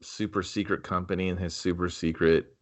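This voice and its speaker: A man's voice: low voice, level tone, brisk. A man co-hosting a movie review podcast, chiming in with dry, blunt remarks. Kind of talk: casual podcast banter.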